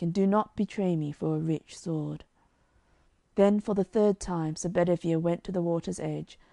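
A woman narrating a children's storybook in a calm, measured reading on a close mic. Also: fairly low pitch, creaky, dry recording. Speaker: audiobook narrator.

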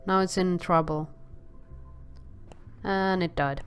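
A woman's voice: lowish voice, fairly even intonation, slow pace, clean tone. A woman casually commenting on a video game as she plays, exclaiming often and stammering filler sounds when things go wrong. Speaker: gameplay commentator.

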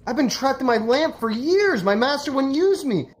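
A man voicing a grateful male genie who has just been freed from his lamp, speaking in an eager, high-pitched way. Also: moderate pace, a little mellow, lightly acted.

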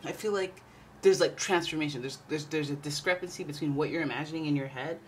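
A woman hosting a casual tarot reading, talking in a chatty, playful way. Her voice sits a little low, and she swings between loud bursts and quiet asides. A faint hiss runs under the recording. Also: fast. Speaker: tarot reader.

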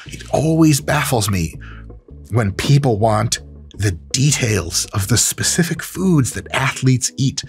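A man's voice: medium pitch, slow, faint music behind. A man hosting a reaction video as an exercise scientist, joking and swearing constantly. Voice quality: profane, joking, animated. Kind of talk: reaction commentary.

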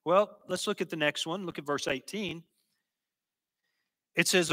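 Bright, high-voiced preacher in a hall. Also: male voice, moderate pace, long pauses. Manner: earnest, emphatic teaching with rising exhortation. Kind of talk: sermon. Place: church sanctuary. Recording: reverberant church hall.

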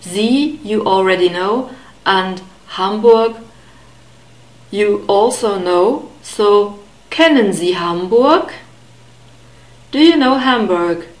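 Slow, careful woman teaching pronunciation. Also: medium pitch, expressive, echoey room, rough recording. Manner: careful, deliberate enunciation with repeated model words. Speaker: language teacher.

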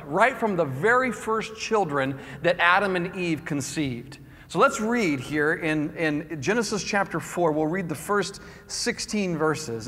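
A male pastor preaching a sermon, earnest and halting, often restarting his sentences. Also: fairly high pitch, a bit bright. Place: large church hall. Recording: reverberant church hall.

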